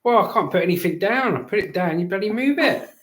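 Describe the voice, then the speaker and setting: Bloke chatting on a home livestream, cheeky banter, echoey room. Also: male voice, high-pitched, expressive, fast, fairly bright tone. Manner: cheeky, banter-filled, reads out chat messages. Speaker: livestream host. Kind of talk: casual livestream chat.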